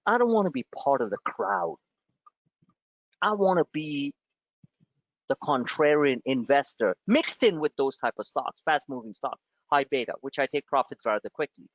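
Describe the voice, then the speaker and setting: A man's voice: mid-range voice, very animated, moderate pace, dry recording, muffled recording. A man hosting a trading webinar, blunt and emphatic, firing off rhetorical questions at his listeners.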